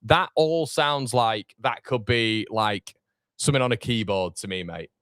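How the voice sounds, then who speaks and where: A man's voice: medium pitch, unhurried, a bit bright, smooth, no echo, studio quality. A man, hosting a fan watchalong live stream, chatting casually and rambling with fillers as he reads comments. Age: 30s. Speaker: fan channel watchalong host.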